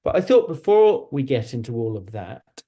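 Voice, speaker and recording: A man reads a picture book aloud to children over a video call, with a gravelly texture in his voice. He is gentle and chatty and drops in playful asides. His pitch sits in a middle range. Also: big pitch swings, normal speed. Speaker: author reading to children.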